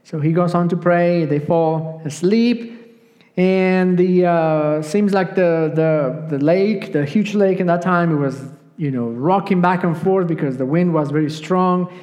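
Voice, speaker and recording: A man preaching a sermon, telling a Bible story in a lively way and acting out the lines of the people in it. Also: high voice, measured pace, lo-fi sound. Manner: animated storytelling, acting out the quotes he tells. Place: church sanctuary. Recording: long church hall reverb.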